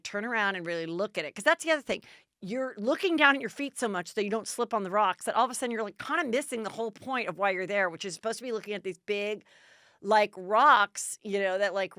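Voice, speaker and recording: A woman's voice: mid-range voice, sharp tone, no room sound, studio quality. A middle-aged woman podcast host telling a story in a casual, chatty way and acting out the dialogue in bursts.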